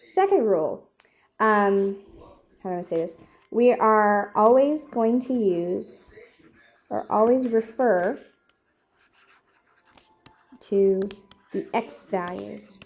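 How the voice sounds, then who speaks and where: Young female math tutor, warm and mellow, casual and self-deprecating, keeps asking "okay?". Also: medium pitch, lively intonation, slow, long pauses, slight background noise. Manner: chatty, self-deprecating, asks "okay?" often. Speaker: math teacher. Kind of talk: casual whiteboard math lesson.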